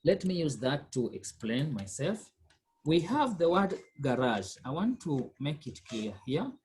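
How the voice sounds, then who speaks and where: Woman tutor, husky voice, lively rise and fall, patient questioning. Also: sits low, unhurried. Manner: patient, repeats questions to the learner. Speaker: language tutor. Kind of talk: one-on-one lesson.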